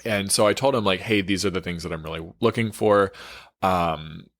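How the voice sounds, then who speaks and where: A man's voice: deep voice, moderate pace, no echo, clean studio sound. A man, a relationship coach, telling a frank, profane story in a casual storytime, full of "like" fillers.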